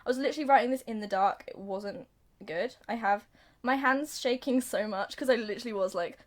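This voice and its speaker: A young woman reviewing a film in a casual, giggly way, often laughing and bursting into sung snippets. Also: fairly high pitch. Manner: giggly, breathless retelling with sung bits and quick voice changes.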